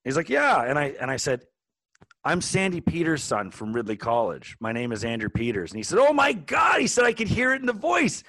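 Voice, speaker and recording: Forties male co-host, casual storyteller with frequent restarts, mid pitch, dry close-miked sound. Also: brisk, no room sound. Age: 40s. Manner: animated, rambling with many restarts. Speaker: podcast co-host.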